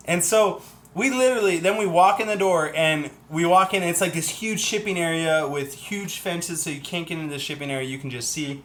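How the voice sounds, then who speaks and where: A man hosting a livestream, telling a story in a chatty, animated way and acting out what other people said. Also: on the high side, normal speed. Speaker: livestream host.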